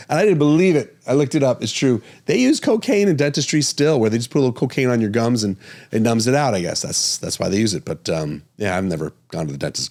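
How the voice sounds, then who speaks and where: A man's voice: medium pitch, a little mellow. A man hosting a podcast, talking casually and animatedly, chuckling and correcting himself as he goes. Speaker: podcast host and physician.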